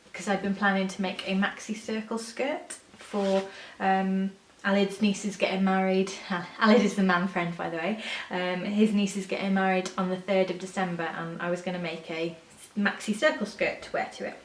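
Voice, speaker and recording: A woman's voice: mid-range voice, little pitch movement, normal speed, recorded from a distance. A woman, chatting casually to camera as a sewing vlogger, rambling with fillers and self-corrections and gushing when she shows things off. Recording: echoey room, a bit off-mic.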